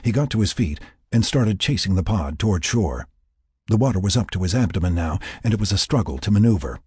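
A man with a low, raspy voice narrates a tense story in a measured way. His delivery moves widely up and down in pitch. The recording is dry and close, with no room sound. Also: animated, a little mellow, no echo. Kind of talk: scripted narration.

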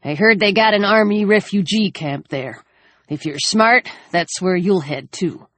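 A man's voice: high voice, a little slow, a bit bright, no echo, pitched above the performer's own voice. A weary older man, torn and uneasy, speaking in subdued, hesitant tones, as a woman reader puts him on. Close, dry sound with no room.

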